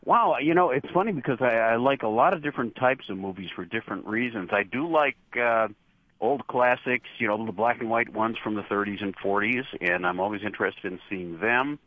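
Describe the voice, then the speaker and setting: A middle-aged man, a horror show host giving relaxed, chatty interview answers and laughing easily. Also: fairly low pitch, a little fast, no echo. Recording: dull lo-fi dry line.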